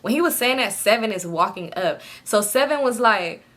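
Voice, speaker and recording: A young woman tells a personal story in a relaxed, chatty way. Her voice is bright and clear. She acts out other people's lines with sudden pitch jumps and laughs often. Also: normal speed. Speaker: storytime vlogger. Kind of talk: casual storytelling.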